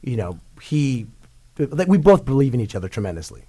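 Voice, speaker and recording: Fast-talking rambling rock singer. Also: male voice, mid-range voice, breathy edge. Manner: excitable, rambling, quotes others in voices. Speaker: rock singer, radio guest. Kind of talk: casual storytelling interview. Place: radio studio.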